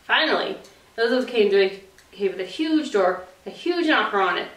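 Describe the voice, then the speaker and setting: Animated woman reading to children. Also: medium pitch, a little fast. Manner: animated, affectionate storytelling. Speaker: childcare teacher. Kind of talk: children's story time reading. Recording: roomy, distant mic.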